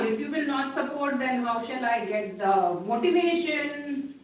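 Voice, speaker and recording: A woman teaching an English grammar lesson in a live online class, explaining slowly through repeated examples and frequent fillers. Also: high voice, heavy reverb, far from the mic, rough recording.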